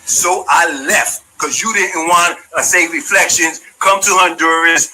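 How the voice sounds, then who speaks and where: A former community member, his voice a little high, bright and forceful yet steady in tone, takes his time with an angry, foul-mouthed monologue aimed directly at the person he's calling out. The poor audio has faint music behind it.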